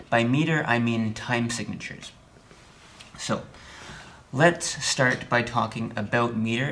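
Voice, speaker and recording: A man teaching music theory from a room with a piano, in a voice of middling pitch. He explains patiently, checks in often with "okay?", and drops in bits of dry humor. A faint hiss of noise sits under the recording. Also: fairly bright tone. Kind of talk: online lesson.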